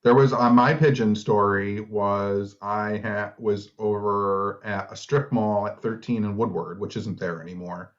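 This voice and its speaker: A man's voice: lowish voice, measured pace, few pauses. Man with a Detroit accent telling stories. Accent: Detroit, Michigan. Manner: swearing storyteller, animated quoting. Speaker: podcast co-host. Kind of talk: casual chat. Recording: slightly dull lo-fi sound.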